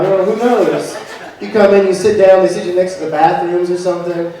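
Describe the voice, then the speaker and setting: A man's voice: high-pitched, steady tone, fairly quick, warm tone. A young man doing a profane, self-mocking stand-up comedy set into a handheld microphone. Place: comedy venue in front of a live audience. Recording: echoey room taped from far off, with crowd. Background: audience laughter and heckling.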